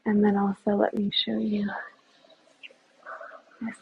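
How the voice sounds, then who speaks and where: A woman leading a live walking tour outdoors, talking in a relaxed, often hushed way as she walks with her phone. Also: medium pitch, takes it slowly, creaky, pauses often, breathy edge, rough recording. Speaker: tour guide. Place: outdoors in a hillside village.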